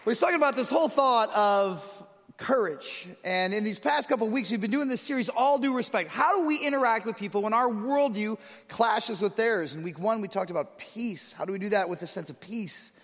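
A man's voice: high-pitched, brisk, fairly bright tone. A man preaching a sermon to a church congregation, earnest, reading scripture aloud to the room. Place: church auditorium. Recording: long reverb of a large hall.

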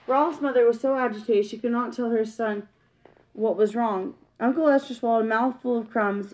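A woman reading a children's book aloud, plain and steady, with small slips. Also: on the high side, normal speed, rough recording. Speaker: reader.

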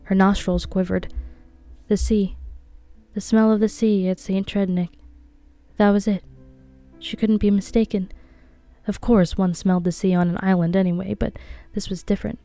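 A woman reading a novel aloud, with a tense, hushed delivery of the characters' inner thoughts. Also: medium pitch, steady tone, normal speed, faint music behind. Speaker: audiobook reader.

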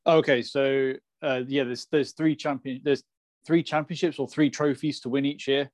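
A man explains things as a podcast co-host, often repeating the first words of a phrase. His delivery stays flat and even. The recording is dry and close. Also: mid-range voice, normal speed, no echo. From England. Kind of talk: casual podcast chat.

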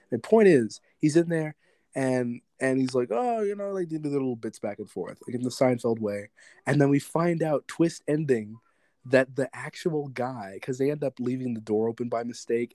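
Animated man rambling through movie recaps. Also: mid-range voice, dry recording. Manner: animated, rambling storyteller who acts out movie quotes. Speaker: podcast co-host. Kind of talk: casual movie chat.

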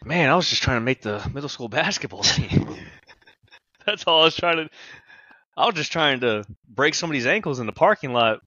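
A man's voice: fairly high pitch, a little fast, no echo, highs cut off. A young man chatting casually and joking, dropping "bro" and "dude". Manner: animated, jokey, says bro and dude. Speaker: podcast co-host. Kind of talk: casual chat.

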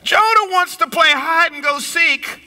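A middle-aged man preaching a sermon, swinging his pitch up and down and slowing or raising his voice for emphasis. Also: pushed and bright. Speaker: pastor. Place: lives in a big city apartment.

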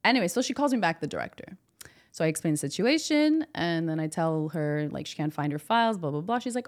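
A woman's voice: lowish voice, animated, brisk. A woman tells a story from work on a casual podcast. She acts out each person's lines, swears freely, and swings her voice up and down as she goes. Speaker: podcast co-host. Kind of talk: casual chat.

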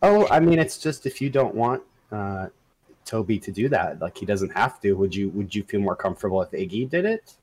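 A man's voice: fairly low pitch, expressive, fairly quick, a little mellow, slight background noise, natural voice. A man playing an earnest young man who hedges and tries to keep the peace in a tabletop role-play. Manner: earnest, with hedging fillers.

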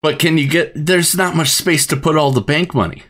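A man's voice: fairly high pitch, normal speed, a bit bright. Chatty male podcast host, home studio. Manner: friendly, laughs often, restarts sentences. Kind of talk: casual chat.

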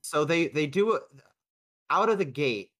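A man co-hosting a casual chat, giving measured, hedging critique of a show. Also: a little high, sing-song, pushed and bright, no room sound. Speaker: podcast co-host.

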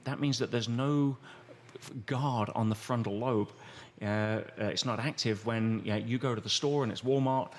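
A man's voice: medium pitch, moderate pace. A man as a podcast guest, explaining at length in a conversational way and acting out quoted voices as he goes. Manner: animated, acts out quoted voices.

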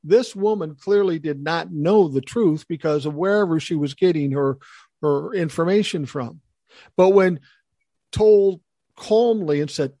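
An older man spins a story in casual conversation, his voice sitting a bit high. He is animated and slips into the voices of the people he quotes. The sound is dry and close. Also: a little slow, dry recording.

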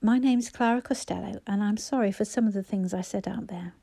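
A woman's voice: mid-range voice, fairly quick, gravelly, warm tone, husky, no echo. A woman voicing a proud young mother who speaks politely but tartly. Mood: prim.

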